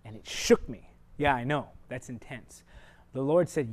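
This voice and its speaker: A man preaching a televised sermon, speaking to viewers directly and personally, moving from loud emphatic points to quiet, confiding asides. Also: medium pitch, normal speed. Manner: earnest, shifts sharply between loud emphasis and quiet asides.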